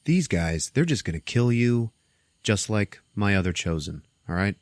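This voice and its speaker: Male podcaster playing an ancient mummy queen: low, unhurried, coolly threatening, close dry sound. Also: lively intonation, no echo, lightly acted. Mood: coolly menacing. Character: cold, seductive ancient female mummy.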